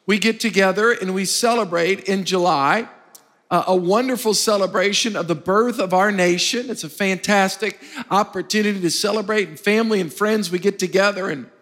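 This American pastor's sermon is emphatic, full of prompts for the congregation to call back. His high voice sounds pushed and bright, echoing through a large hall.

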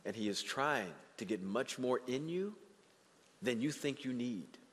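A man preaching a sermon as pastor, animated and dramatically acting out the voices he quotes. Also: medium pitch, big-room sound. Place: church sanctuary.

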